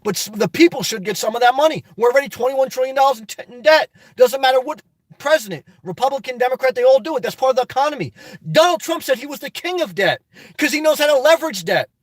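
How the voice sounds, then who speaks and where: High-voiced man live-streaming from a phone. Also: expressive, fast, no room sound. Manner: emphatic, repeats "okay?" and "good job". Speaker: live-stream host reading chat. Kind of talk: casual live-stream chat.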